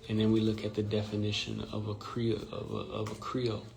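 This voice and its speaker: A Louisiana man hosts an informal social-media live stream, explaining things in a low, flat, gravelly voice and often checking in with "right?". He talks briskly, and the phone or computer mic gives a low-quality recording.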